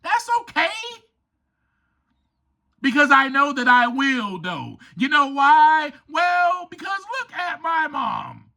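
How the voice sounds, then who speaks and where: A man's voice: extremely high pitch, expressive, slow pace, pushed and bright, exaggerated voice. A man voicing a young lion cub who speaks in wide-eyed, admiring exclamations.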